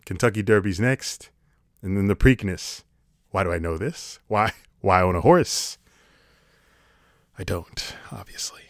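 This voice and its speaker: A man's voice: deep voice, measured pace, pauses often, dry recording, studio quality. A man talking to camera in a casual comedic monologue, sarcastic and rambling, swearing casually. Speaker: vlogger.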